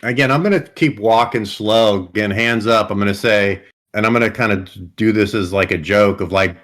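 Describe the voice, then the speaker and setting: A man's voice: fairly low pitch, moderate pace, a bit bright. A man playing a tabletop game, making casual out-of-character remarks. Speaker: player.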